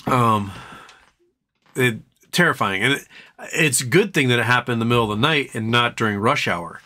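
A livestream host with a sharp tone talks at a moderate pace, rambling and cracking jokes as he reads chat. When he turns to his dog, he slips into a high baby voice.

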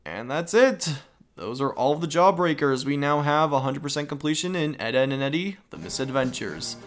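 A man's voice: fairly high pitch, lively intonation, normal speed. A man doing casual let's-play commentary over a video game, chatty, with wry asides. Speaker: gaming YouTuber.

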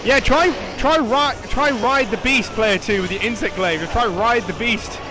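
A high-pitched young man who hosts a gaming channel gives live gameplay commentary in an unhurried way, though he is excitable and foul-mouthed. He jokes and shouts at his teammates while clear game music plays loudly behind him.

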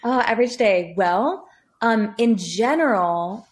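A woman's voice: mid-range voice, animated, slow pace. A woman singing coach talking casually as a podcast guest, chatty and full of "like". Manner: chatty, peppers speech with "like".

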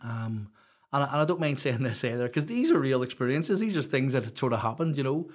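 A man's voice: mid-range voice, very animated, fairly quick. A middle-aged man with a Northern Irish accent, a podcast guest telling stories in a rambling, blunt, sweary way. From Northern Ireland. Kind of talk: casual storytelling chat.

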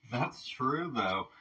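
A man's voice: mid-range voice, bright, forceful tone, slightly rough, recorded from a distance, low-quality recording. A man hosting a reaction video, talking in a laid-back, chatty way and swearing casually.

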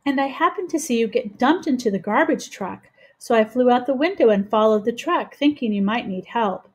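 A woman voicing a small, brave female bird in a storybook read-aloud, lifting her voice higher and sounding practical and reassuring. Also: expressive, brisk, slightly rough.

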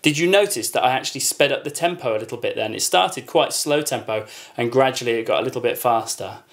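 A man's voice: medium pitch, fast, a bit bright. A man teaching a children's music lesson, patiently counting beats aloud and demonstrating each sound.

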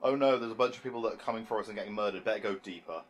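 A man's voice: on the low side, racing. An English young man co-hosting a casual film commentary, asking pointed questions and picking apart plot holes. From England. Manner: animated, questioning, nitpicking. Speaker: podcast co-host.

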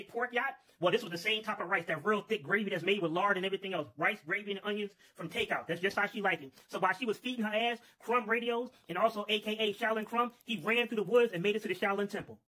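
Fast-talking profane male storyteller. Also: high-pitched, pushed and bright, husky. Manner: profane, rambling. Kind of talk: comic storytelling.

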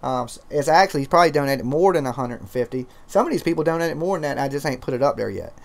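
A man's voice: mid-range voice, expressive, racing, gravelly. A man from Georgia with a twangy Southern accent, hosting a casual, profane, rambling livestream chat. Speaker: livestream host.

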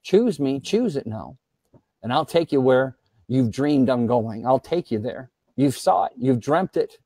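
A man's voice: medium pitch, animated, unhurried, mellow, no echo, studio quality. A man preaching as a guest pastor, fervent and repetitive, often speaking in the voice of God to his viewers.

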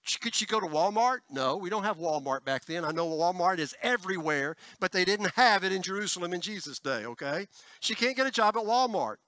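Pastor preaching, chatty and jokey, dry close sound. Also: male voice, high-pitched, lively intonation, brisk, pushed and bright, no room sound. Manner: conversational preaching with frequent "all right?" and "folks"; joking asides to the congregation. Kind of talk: sermon. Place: church sanctuary.

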